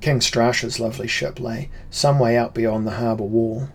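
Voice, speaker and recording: A man narrating a fantasy audiobook in a measured, unhurried storytelling manner. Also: mid-range voice, steady tone, husky.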